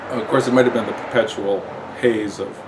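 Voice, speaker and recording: A man's voice: on the low side, steady tone, a little fast, background noise. A man telling a personal story in a rambling, self-mocking way, with many fillers. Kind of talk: casual spoken storytelling.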